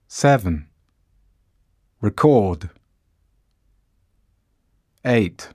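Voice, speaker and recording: Slow, deliberate male pronunciation narrator. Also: dry recording, studio quality. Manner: reads each word slowly and clearly, with lively pitch. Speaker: language course audio narrator.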